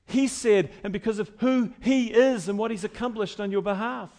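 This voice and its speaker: A pastor preaching a sermon to his congregation, emphatic, his voice swinging between loud and quiet. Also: moderate pace. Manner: emphatic preaching with wide swings in pitch and loudness.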